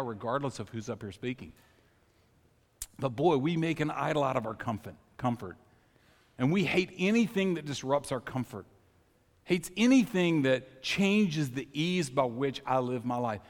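A man with a mid-range voice preaches as pastor in a church sanctuary, where his words trail off in a long reverb tail. He keeps it conversational, sharing personal stories and asking the congregation questions.

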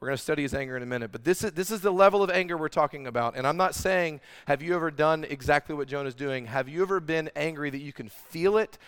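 Man preaching in a smooth voice. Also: on the high side. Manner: earnest, animated preaching with rhetorical questions. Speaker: pastor. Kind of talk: sermon. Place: large room with congregation.

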